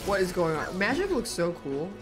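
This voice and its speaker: Woman streamer yelling and cursing at her game, super lively pitch, game music playing under her. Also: normal speed. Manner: excitable, yelps and swears at the game. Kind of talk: live gameplay commentary.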